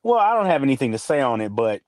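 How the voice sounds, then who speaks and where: A man's voice: medium pitch, big pitch swings, fast, a little mellow, dry recording, studio quality, natural voice. A man doing a comic impression of a brash, rambling middle-aged male sports pundit. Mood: boastful.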